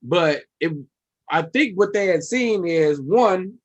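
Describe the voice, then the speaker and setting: A man's voice: high-pitched, expressive, slow pace, highs cut off. A man and comedian in casual podcast chat who jumps in eagerly and explains things step by step.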